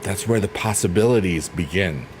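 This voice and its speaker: A man hosting a relaxed livestream, chatting playfully and reading out messages from his viewers. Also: low voice, moderate pace, a little hiss or hum. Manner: playful, silly, rambling, reads chat aloud. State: drained. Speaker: livestream host. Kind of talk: casual chat with live chat readers. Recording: faint piano music underneath.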